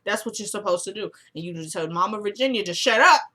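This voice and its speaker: A woman recapping a TV episode in a casual, blunt, opinionated way, full of slang and quick swings from loud to quiet. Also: medium pitch, lively intonation. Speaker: TV recap vlogger.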